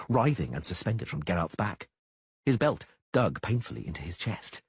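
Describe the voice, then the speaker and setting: Husky man narrating an audiobook. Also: fairly low pitch, normal speed, no echo. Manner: dramatic, lively reading. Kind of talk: scripted narration.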